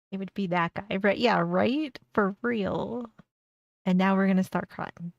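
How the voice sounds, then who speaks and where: A woman streamer talks over a video in casual, sarcastic reaction commentary. Her mid-pitched voice has a gravelly fry, and it sits close and dry with no room sound. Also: dry recording, muffled recording. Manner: blunt, sarcastic, laughs often.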